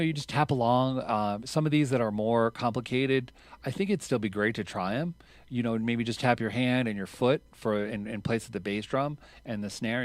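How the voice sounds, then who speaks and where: A man teaching drums in a relaxed, chatty way, explaining rhythms and counting triplets out loud as he plays. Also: medium pitch. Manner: counts triplets out loud over drumming, louder while counting; casual and chatty, with fillers. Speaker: drum teacher. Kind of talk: relaxed instructional talk.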